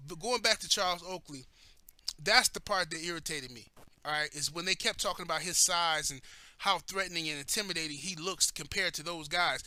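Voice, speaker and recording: A man's voice: high-pitched, bright, forceful tone, no room sound. A man telling personal stories in a blunt, heated way, cursing heavily as he talks. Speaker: commentator. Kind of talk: profane personal storytelling.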